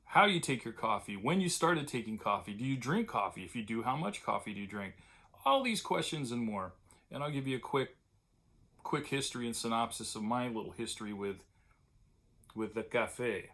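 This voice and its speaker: A man's voice: mid-range voice, a bit bright. An older man from California, the host of his own vlog, reminiscing in a loose, rambling way, with lots of fillers and restarts and a wistful tenderness when his memories turn to old friends. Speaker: vlogger. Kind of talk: casual reminiscing monologue.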